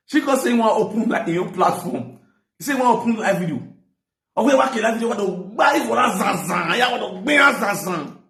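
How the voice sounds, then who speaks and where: Nigerian guy hosting his gossip show, kinda high voice, gets loud and heated, echoey room. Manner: excited, mixes pidgin with local language, voice jumps up when heated. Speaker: talk show host. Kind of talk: animated gossip commentary.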